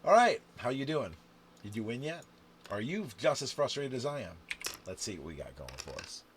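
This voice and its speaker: A man playing a dice game on camera, counting scores aloud and chatting to the viewer with sudden loud outbursts. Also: mid-range voice, moderate pace. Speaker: game instructor. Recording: steady background noise with clicks and typing.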